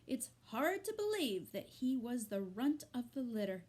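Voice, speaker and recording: A woman reading aloud and voicing a middle-aged farmer who speaks slowly and matter-of-factly. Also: on the high side, big pitch swings, darkish tone, breathy edge, full character voice.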